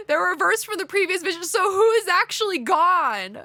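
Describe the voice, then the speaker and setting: A woman's voice: extremely high pitch, big pitch swings, moderate pace, few pauses, sharp tone. A woman streamer giving live gameplay commentary, reacting aloud in an emotional, exclamatory way. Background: faint game music.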